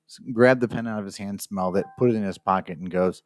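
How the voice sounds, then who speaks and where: A man's voice: sits low, fairly even intonation, racing, hardly any pauses, darkish tone, no echo. A man co-hosting a casual podcast chat, telling a rambling anecdote and acting out the people in it. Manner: rambling storyteller, acts out the people in his story. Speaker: podcast co-host. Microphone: studio mic.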